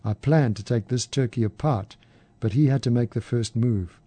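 A man reading a first-person story aloud in a measured, even way. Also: mid-range voice, no echo. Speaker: narrator.

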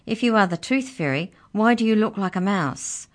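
Pushy scheming kid girl, bit higher than the reader lady doing it. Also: lively intonation, moderate pace, close to an everyday voice. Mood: bossy. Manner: pushy, scornful. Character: bossy bold young girl, scheming.

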